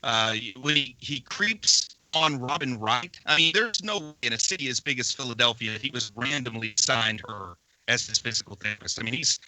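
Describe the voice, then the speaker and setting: A man talks through a movie on a podcast in a relaxed, wry way. His voice is very bright and dry, sitting close to the mic. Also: mid-range voice, a little fast, dry recording, low-quality recording. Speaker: podcast co-host. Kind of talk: casual movie-review chat.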